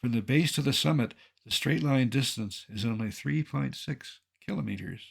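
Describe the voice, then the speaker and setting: An older man, a mountaineer, narrating a slideshow in a scripted way, with dry, deadpan humor. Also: mid-range voice, moderate pace, creaky, breathy edge.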